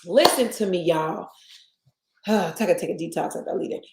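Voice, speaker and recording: A woman's voice: lowish voice, expressive, moderate pace. A woman with a Southern US accent hosting a casual chat show, rambling and talking straight to listeners as y'all. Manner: chatty, addresses listeners as y'all, rambling asides. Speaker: host. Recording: echoey room.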